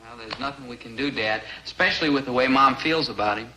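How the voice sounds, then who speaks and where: An actor playing a glum, lovesick teenage boy with a wry, deadpan manner. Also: mid-range voice, fast talker, a little hiss or hum, rough recording. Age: young adult.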